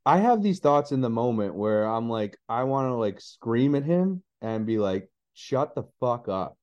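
A man's voice: mid-range voice, sing-song, moderate pace, a little mellow, lo-fi sound. A man co-hosting a podcast in casual chat, speaking frankly about his struggles as a parent. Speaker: podcast co-host.

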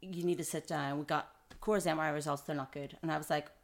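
A woman's voice: deep voice, steady tone, fast. Earnest woman recounting a hard story. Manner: earnest, acts out the voices of others in quotes. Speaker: podcast guest, mother of triplets. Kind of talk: emotional personal storytelling in casual conversation.

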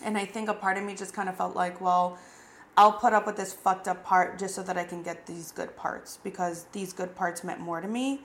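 A woman's voice: lowish voice, fairly even intonation, normal speed, a bit bright. Candid young woman telling her story. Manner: candid, frequent "like" fillers, swears freely. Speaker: podcast host. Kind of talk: casual personal storytelling.

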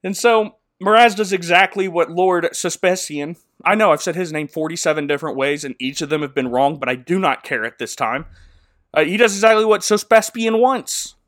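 A man's voice: a little high, moderate pace, fairly bright tone, no echo, clean studio sound. A man co-hosting a podcast, recapping a film in a casual, jokey way and slipping into mocking voices for the characters. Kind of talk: casual comedic movie recap.

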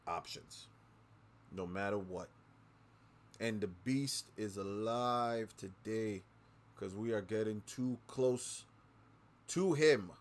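Angry swearing man ranting solo. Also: a little hiss or hum. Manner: angry, heavy swearing, repeats lines for emphasis; swings between low mutters and loud outbursts. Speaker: podcast host. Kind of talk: profane political rant.

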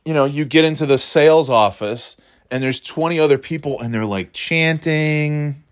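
A man's voice: fairly high pitch, moderate pace. A man hosting a podcast, telling stories in a rambling, profane, self-mocking way. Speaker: podcast host. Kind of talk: casual monologue.

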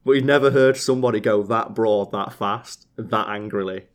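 A man from Yorkshire co-hosting a podcast, talking casually but slowing down and over-pronouncing his words. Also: on the low side. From Yorkshire, England. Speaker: podcast co-host.

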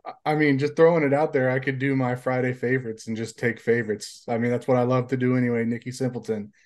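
A man's voice: medium pitch, level tone, quick pace, darkish tone. Easygoing man on a phone call-in. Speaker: podcast co-host. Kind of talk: casual chat. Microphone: phone front camera on a video call.

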